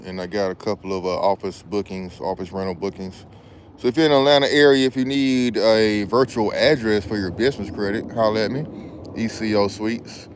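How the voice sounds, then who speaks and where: A man's voice: lowish voice, steady tone, brisk, slight background noise. A man who is a business credit consultant, talking in a casual, slangy, rambling way while vlogging outdoors. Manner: laid-back, slangy, rambling delivery. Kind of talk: casual outdoor vlog chat. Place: outdoors in a backyard hammock. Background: faint outdoor ambience with passing planes.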